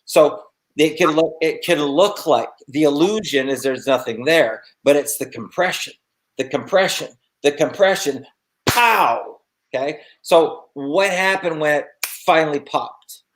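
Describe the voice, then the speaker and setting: A man's voice: a little high, a little slow. A man hosting a motivational interview as a business coach, emphatic and fond of repeating words for effect.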